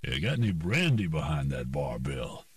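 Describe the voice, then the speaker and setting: Easygoing joking card player, voiced by a man, lively delivery. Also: extremely low pitch, moderate pace, dry recording, studio quality, far from the mic, voice pushed down, heavily acted. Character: confident male gambler.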